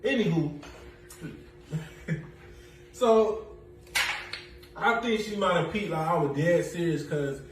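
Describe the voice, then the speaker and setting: A woman's voice: fairly low pitch, takes it slowly, long pauses, noisy background. A trans woman telling a story to camera in a playful, boastful and teasing way. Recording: echoey room, a bit far from the mic.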